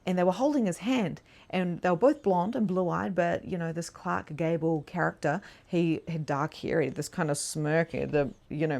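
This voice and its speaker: A woman with a slightly low voice leads a live online mediumship masterclass. She tells her stories in a chatty, animated way, laughing often and saying "like" a lot. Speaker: spiritual mediumship coach.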